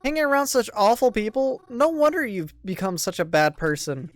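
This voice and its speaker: A voice actor voicing an angry, foul-mouthed young man who shouts and sneers at his friend in a visual novel dub. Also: medium pitch, animated, moderate pace, no echo, pitched above the performer's own voice, natural voice. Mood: scornful. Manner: shouting, swearing, contemptuous.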